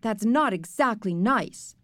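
A woman's voice: on the high side, expressive, normal speed, dry recording, close to an everyday voice. A woman voicing a bossy, gushing young girl.

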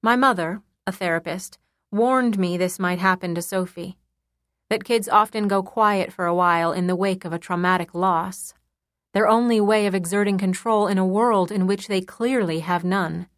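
A woman reading a first-person novel aloud in a measured, intimate storytelling manner. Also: medium pitch, no echo, clean studio sound. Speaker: audiobook narrator. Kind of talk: first-person audiobook narration.

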